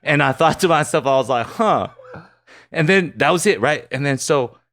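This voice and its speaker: A man co-hosting a comedy podcast, telling a childhood story in a relaxed, rambling way with chuckles. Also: a little high, a little fast, no echo, studio quality. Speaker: podcast co-host.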